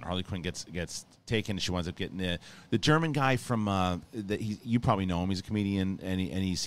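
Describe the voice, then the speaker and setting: Low-voiced male host, excitable and profane, rambling film review chat.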